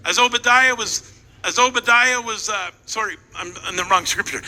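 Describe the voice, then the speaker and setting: A man's voice: high-pitched, moderate pace, sharp tone. A man preaching as a pastor, playfully retelling a scripture story while directing volunteers and joking with the crowd, through a stage mic in a church hall. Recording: long echo in a large hall with faint noise.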